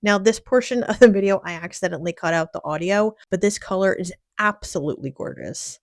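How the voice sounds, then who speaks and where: A woman's voice: mid-range voice, a little fast. A woman hosting a casual nail product unboxing, gushing with little exclamations and sometimes dropping into a whisper. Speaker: nail channel host. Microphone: phone.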